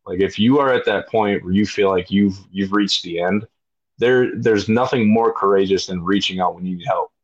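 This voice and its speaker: A man in his thirties, a veteran guest telling his story in a blunt, profane, casual way, with lots of fillers. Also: low-pitched. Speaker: podcast guest, military veteran. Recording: dull lo-fi audio.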